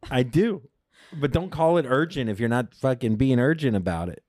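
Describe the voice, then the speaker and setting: A man's voice: medium pitch, expressive, moderate pace, darkish tone, no room sound, clean studio sound. A young man co-hosting a comedy podcast, telling a rambling story in casual chat, laughing often and acting out his own lines. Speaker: podcast co-host.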